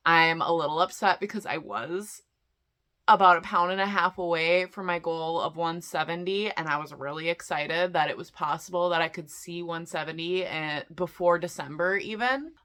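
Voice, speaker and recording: A woman's voice: on the low side, fairly bright tone. A woman chatting casually in a vlog, chatty and self-deprecating, talking through her day. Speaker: vlogger.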